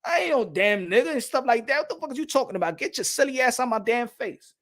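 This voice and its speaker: A boxing channel host, a man with a high voice, rants heatedly to camera. He is profane and keeps repeating himself as he argues his point. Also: lively intonation, fast, a bit bright. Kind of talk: casual opinion rant to camera.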